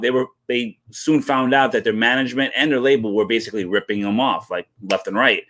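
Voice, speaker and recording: A man's voice: mid-range voice, a bit bright. A man presenting a weekly album segment on a talk show, casual and informal. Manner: informal, casual, with many fillers.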